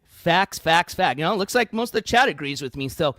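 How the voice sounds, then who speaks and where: A man's voice: high voice, very animated, quick pace, a bit bright, no room sound, studio quality. A man hosting a livestream news show, ranting in an angry, profane, combative way.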